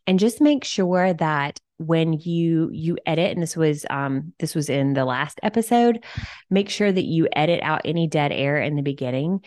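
A woman's voice: deep voice, animated, moderate pace, a little mellow, dry recording, clean studio sound. A woman hosting her own podcast, giving tips in a chatty, enthusiastic way with lots of casual fillers. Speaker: podcast host.

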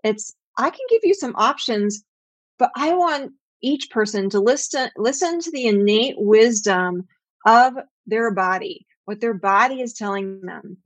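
A woman's voice: fairly high pitch, expressive, unhurried, no room sound. A middle-aged woman Pilates teacher giving earnest, explanatory interview answers. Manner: earnest, explanatory, acts out quoted voices.

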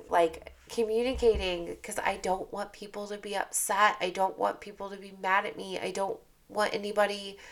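Female podcast host, candid and chatty, slightly gravelly voice, leans on repetition. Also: mid-range voice. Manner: candid, chatty, repeats phrases for emphasis. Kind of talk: casual motivational monologue.

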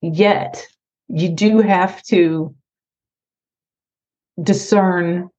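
A woman hosting a podcast over a call, speaking thoughtfully and pausing between phrases. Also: fairly low pitch, fairly even intonation, darkish tone. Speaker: podcast host. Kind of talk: casual conversation. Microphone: remote call. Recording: slightly muffled call audio.

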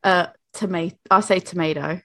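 A woman's voice: on the low side, steady tone, moderate pace, pushed and bright. Podcast host, young woman from Boston, faded American accent, bubbly and chatty, lots of "like". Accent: American, softened. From Boston, USA. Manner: chatty, laughs often, many likes and restarts. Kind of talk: casual chat.

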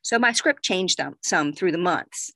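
A woman's voice: lowish voice, lively intonation, measured pace, gravelly, sharp tone, dry recording. A woman giving motivational advice in a direct, conversational way, speaking straight to the listener. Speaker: self-help speaker.

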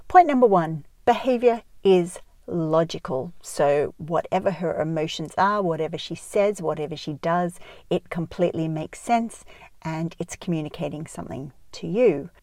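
Low-voiced woman giving calm parenting advice. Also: vocal fry, no echo. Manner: calm, measured, frequent ums and pauses. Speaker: parenting educator. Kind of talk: podcast-style advice talk.

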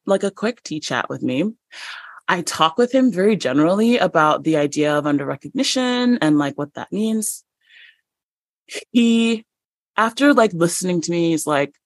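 A woman guest on a podcast, a published writer, telling a story in a lively way and acting out the dialogue with small laughs. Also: fairly low pitch, measured pace, no room sound. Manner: animated, acts out dialogue in stories, frequent restarts and light laughs.

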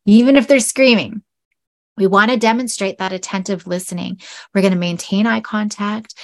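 A woman hosting a solo educational podcast, talking earnestly and often checking in with "right?", sometimes dropping to a soft whisper. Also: mid-range voice, steady tone, normal speed. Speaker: podcast host.

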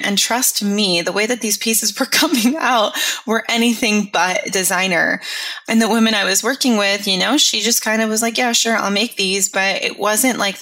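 A woman in her thirties tells her story in an easy, conversational way, dropping in fillers and laughing often. Her voice has a bright, forward tone. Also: medium pitch. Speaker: podcast guest, boutique owner. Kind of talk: casual storytelling.

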